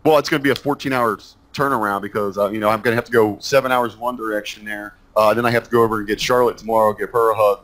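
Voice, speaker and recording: A man's voice: lowish voice, fairly even intonation, fast, hardly any pauses, a bit bright, rough recording. A man in a casual wrestling chat who rambles and hesitates with many fillers.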